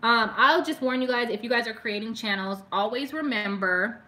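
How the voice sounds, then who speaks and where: A young woman talks with her viewers during a live stream, her voice bright and clear. She rambles in a loose, heartfelt way, leaning on "like" constantly. She stops here and there to read comments out loud. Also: on the high side, moderate pace. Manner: chatty and emotional, heavy use of "like", reads viewer comments aloud. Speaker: beauty vlogger doing a live stream. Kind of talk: casual chat with live viewers.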